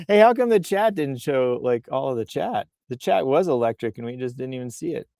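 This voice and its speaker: A man's voice: medium pitch, expressive, normal speed, creaky, dark tone, no echo, studio quality. A man hosting a casual livestream outdoors, joking and riffing as he reads posts and comments aloud. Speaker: livestream host reading posts. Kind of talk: casual live-stream chat. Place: outdoors on a bluff.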